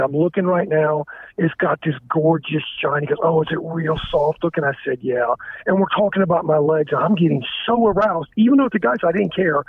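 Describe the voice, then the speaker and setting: A man calling in, talking frankly and haltingly with stumbling restarts. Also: a little high, slightly rough, no room sound. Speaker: caller. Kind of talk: candid confessional phone talk. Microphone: telephone. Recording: tinny phone line.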